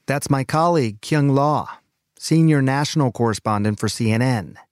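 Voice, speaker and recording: A man hosting a news podcast, reading a scripted narration in a calm, measured, earnest way. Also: medium pitch, smooth, dry recording, clean studio sound. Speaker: medical correspondent and podcast host.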